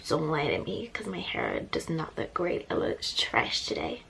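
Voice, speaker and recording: A woman's voice: deep voice, huge pitch swings, normal speed, creaky, fairly bright tone, a little hiss or hum. A young woman giving a casual tarot card reading from the floor of her bedroom at home, chatty and apologetic, a little out of breath and easily distracted. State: slightly out of breath. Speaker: tarot reader.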